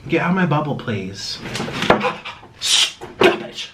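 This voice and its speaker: A man chatting casually through a mukbang eating vlog, dramatic and swinging between low mumbles and excited yelps. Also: takes it slowly, background noise. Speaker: mukbang vlogger.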